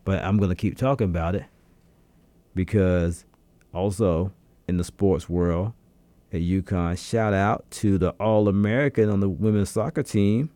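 A man co-hosting a podcast alone from a radio studio, chatting casually and talking straight to his listeners in slangy, animated bursts. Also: fairly low pitch, no echo. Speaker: podcast co-host. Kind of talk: casual solo podcast chat.

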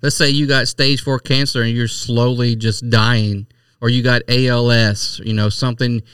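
A man's voice: mid-range voice, level tone, moderate pace, a bit bright, smooth, no room sound, studio quality, distant mic. A man co-hosting a podcast, talking in casual crude banter, blunt and profane. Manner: profane, blunt, uses y'all. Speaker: podcast co-host.

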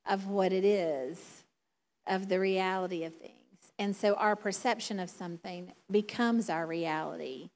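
A woman with a Southern drawl giving a casual, chatty sermon to a congregation, laughing often and talking with many fillers. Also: a little high. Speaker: church speaker. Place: church sanctuary before a congregation.

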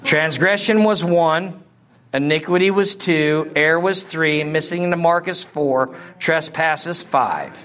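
A man's voice: a little high, unhurried, a bit bright. A middle-aged man from Missouri with a Missouri accent, teaching a Bible lesson in a conversational way and often checking in with his listeners. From Missouri, USA. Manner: conversational, asks the audience questions. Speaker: preacher.

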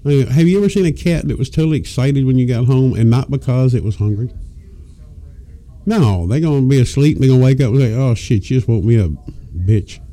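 A man hosting a talk show tells rambling, crude comic stories into a studio microphone. His medium-pitched voice is warm, quick, and lively in intonation.

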